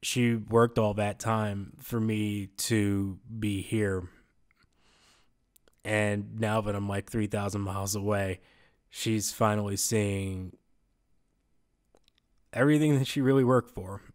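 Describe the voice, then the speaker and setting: A young man speaking an in-character role-play monologue for a gaming channel, halting and hesitant with many fillers. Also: lowish voice, steady tone. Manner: halting, hesitant, full of "you know". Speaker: gaming YouTuber. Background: background music.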